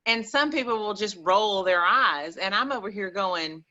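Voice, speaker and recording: A woman with an East Texas accent, chatting as a caller on a call-in show in an animated, rambling, folksy way. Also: mid-range voice, moderate pace, few pauses, muffled recording. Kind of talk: casual chat.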